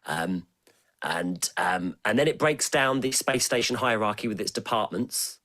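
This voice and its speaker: A man's voice: lowish voice, unhurried. A man co-hosting a casual podcast, hesitant and searching for words. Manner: hesitant, lots of fillers and restarts, lively intonation. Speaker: podcast co-host. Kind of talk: casual chat.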